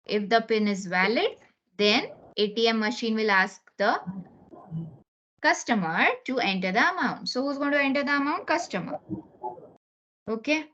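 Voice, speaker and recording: A woman's voice: fairly high pitch, animated, moderate pace, long pauses, a bit bright. A woman teaching an online class, explaining step by step and often checking in with "okay?". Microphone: computer mic on a video call. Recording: lo-fi online meeting recording.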